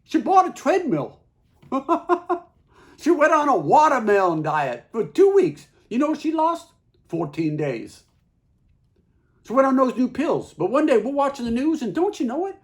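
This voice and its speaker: A man performing a theatrical monologue as a plain-spoken husband, folksy and halting, with many repeats. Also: very high-pitched, big pitch swings. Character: Carl, plain-spoken middle-aged husband.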